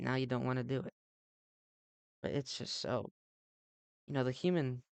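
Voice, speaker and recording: A man's voice: mid-range voice, creaky, dry recording. A young man hosting a let's play, rambling through a comedic monologue with ironic asides, swearing, and lots of fillers.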